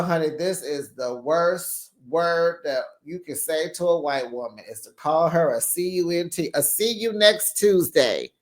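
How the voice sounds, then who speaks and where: A reality TV recap host giving casual, sassy commentary, laughing often and putting on voices for quoted lines. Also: medium pitch. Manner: sassy, animated, frequent laughter; slips into quoted voices while retelling scenes.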